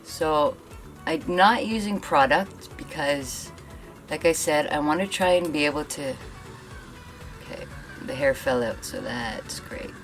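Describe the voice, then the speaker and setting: A woman's voice: sits low, a little slow, long pauses, soft background music. A young woman from Canada vlogging a hair tool demo, talking bluntly and venting her frustration. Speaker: beauty vlogger. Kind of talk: frustrated product demo vlog.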